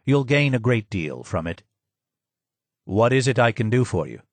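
A man's voice: mid-range voice, sing-song, normal speed, no echo. A man voicing a courteous, formal male guide who speaks politely and earnestly.

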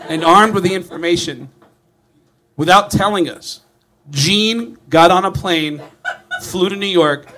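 A male comedian spins a tale with animated energy, laughing through his lines and swearing freely. His voice is high for a man and bright and forceful. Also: a little slow, long pauses, a little hiss or hum. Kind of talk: comedic storytelling.

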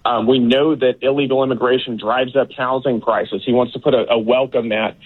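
A man's voice: medium pitch, steady tone, fairly quick, husky. A man speaking as a political guest, scornful and dismissive, laughing at his opponents. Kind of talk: remote interview commentary. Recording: tinny phone-like line.

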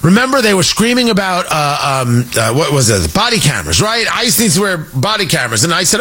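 Male radio host, American, mocking and forceful monologue, husky, very animated. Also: high-pitched, fairly quick, few pauses. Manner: sarcastic, emphatic, mocking. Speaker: radio talk show host. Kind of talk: political talk radio monologue.

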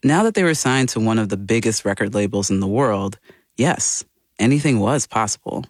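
A man's voice: on the low side, expressive, normal speed, no room sound. Dry documentary narrator, man.

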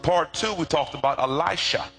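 A middle-aged man preaching a sermon, animated and calling on the congregation to repeat after him. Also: fairly high pitch, moderate pace, vocal fry, faint music behind. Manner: lively, animated preaching with call-and-response. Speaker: pastor.

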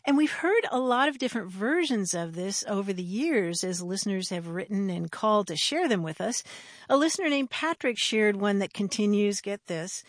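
A woman's voice: medium pitch, expressive, moderate pace, dry recording, clean studio sound. Laughing woman radio co-host. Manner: playful, laughs often, explains word origins. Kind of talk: radio talk show chat.

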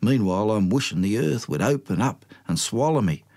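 A man's voice: fairly low pitch, fairly quick. Australian man telling a yarn. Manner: colloquial, self-mocking, lively. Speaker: storyteller. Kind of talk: spoken storytelling.

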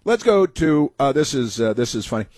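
A husky-voiced man hosts a talk show, riffing through a sarcastic and indignant monologue. His voice sounds dry and close, with no room around it, and he keeps scoffing at what he describes. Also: medium pitch, very animated, moderate pace, a little mellow, no echo. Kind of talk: opinionated talk radio monologue.

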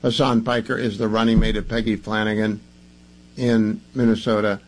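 A man's voice: on the low side, flat delivery, moderate pace, low-quality recording. A man hosting a talk radio show, delivering emphatic, combative commentary and hammering points through repetition.

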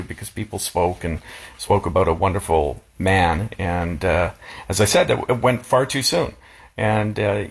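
A man speaking in a casual chat, halting with many restarts as he talks about something that moved him. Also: lowish voice, a bit bright, slightly rough.

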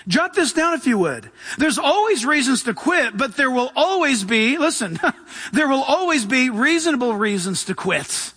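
A man's voice: very high-pitched, very animated, moderate pace, pushed and bright, husky. A man preaching a sermon, emphatic and punchy, who keeps saying "listen" and acts out voices as he preaches. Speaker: pastor.

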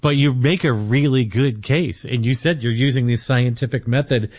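A man hosts an interview in casual chat. He is agreeable and encouraging toward his guest. His voice sits in a middle pitch. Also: moderate pace, darkish tone. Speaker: host.

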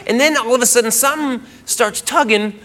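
A man's voice: extremely high pitch, a little fast, pushed and bright. A man doing stand-up, telling a rambling story and often breaking into giggles on a comedy club stage. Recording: live club recording with audience noise.

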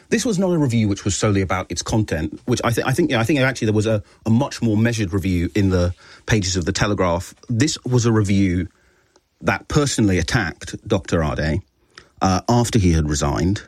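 A man's voice: on the low side, fairly quick, breathy edge, no room sound. A man who is a journalist on a radio panel, arguing heatedly and cutting in to press his point. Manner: animated, interrupts forcefully.

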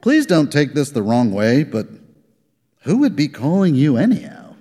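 Guy doing a shrill excitable coworker who keeps getting louder, live hall echo. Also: normal speed, slight background noise. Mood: teasing. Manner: gets loud and shrill, talks with mouth full. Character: excitable middle-aged male coworker.

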